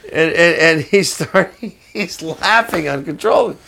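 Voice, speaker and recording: An older man and guest musician telling animated, profane stories in a rambling way, full of restarts. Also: on the high side, a little slow, vocal fry, a little hiss or hum. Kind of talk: casual storytelling.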